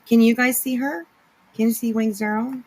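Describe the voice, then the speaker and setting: Breathy woman greeting her livestream chat. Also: on the high side, fairly even intonation, moderate pace, darkish tone, poor audio. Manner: greets chatters by name, giggly asides. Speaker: livestream host. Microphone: no camera, voice only.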